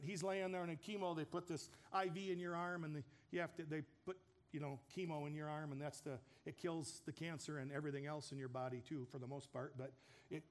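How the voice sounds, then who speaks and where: High-voiced man in his fifties preaching. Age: 50s. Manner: storytelling, earnest and direct. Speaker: pastor. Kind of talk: sermon.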